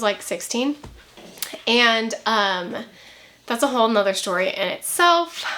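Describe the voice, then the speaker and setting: A young woman vlogging to camera in a chatty, rambling way, talking quickly and laughing now and then. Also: fairly high pitch, fairly bright tone. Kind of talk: casual chat to camera.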